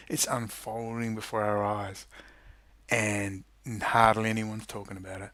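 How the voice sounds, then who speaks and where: A man's voice: fairly low pitch, flat delivery, unhurried, fairly bright tone, no echo. A man delivering an angry, sarcastic political rant to camera, swearing freely. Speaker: political commentary youtuber. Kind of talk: ranting monologue to camera.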